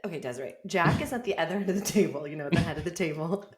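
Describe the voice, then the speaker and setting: A woman attorney, a podcast guest, telling a story in casual chat, animated and laughing as she goes. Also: fairly low pitch, rapid-fire, soft background music.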